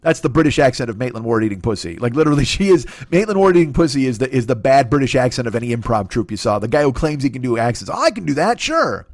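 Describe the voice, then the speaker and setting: In a solo comic monologue, a man in his forties with a medium-pitched, darkish voice talks fast and crudely, cutting himself off and acting out quick goofy voices. He's rambling and lively in intonation, and the recording is dry and close with no room sound.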